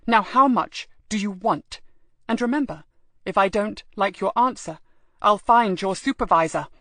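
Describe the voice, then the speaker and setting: A woman's voice: mid-range voice, normal speed, fairly bright tone, no echo, close to an everyday voice. A woman voicing a bold young British woman who bluffs officials in a firm, haughty manner.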